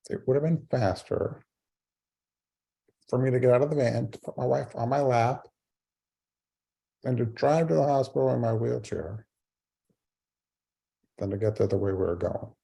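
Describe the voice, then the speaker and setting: Man, middle-aged, keynote storyteller, gravelly, husky, wry humor. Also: mid-range voice, dark tone. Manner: wry, self-mocking humor. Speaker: keynote speaker. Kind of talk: storytelling speech.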